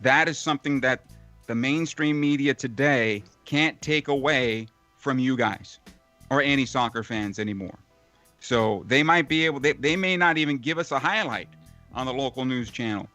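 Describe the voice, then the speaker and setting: Man, veteran sports broadcaster, reflective, rambling, mid pitch, faint music behind. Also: moderate pace, pushed and bright, no room sound. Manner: reflective, speaks in long run-on lists with fillers. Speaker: veteran radio play-by-play broadcaster, guest. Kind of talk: casual interview over a call.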